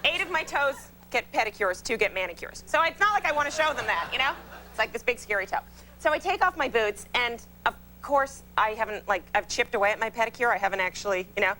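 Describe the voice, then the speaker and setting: Bright, animated woman telling comic stories. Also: fairly high pitch, fast, a little hiss or hum, poor audio. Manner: animated, self-mocking, acts out scenes. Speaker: talk show guest. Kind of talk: comic storytelling. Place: television studio.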